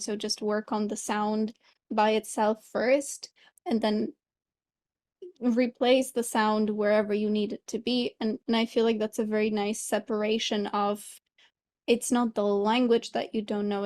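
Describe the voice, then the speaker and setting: A woman's voice: a little high, darkish tone. A woman host and language coach, talking casually in an interview with an earnest, reflective manner. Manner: reflective, earnest, thinks aloud at length.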